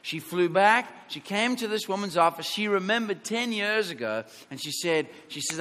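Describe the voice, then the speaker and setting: A male pastor with a high, bright voice tells stories from the pulpit, acting out what each person said. His sermon rings with a long reverb through a large church hall. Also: moderate pace, few pauses. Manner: animated storytelling, acts out quotes.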